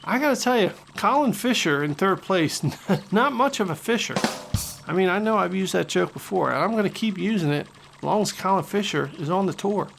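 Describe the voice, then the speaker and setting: Man, gaming host, excitable play-by-play, gravelly voice, very animated pitch, guitar music behind. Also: brisk, slight background noise. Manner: excitable, joking, trash-talking. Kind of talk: video game commentary.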